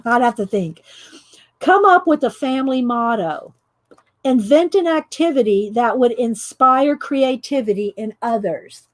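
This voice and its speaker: High-voiced chatty Southern woman. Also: animated, unhurried. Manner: chatty, laughs often, talks to viewers by name. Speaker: channel host reading prompts to live viewers. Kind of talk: casual live-stream chat.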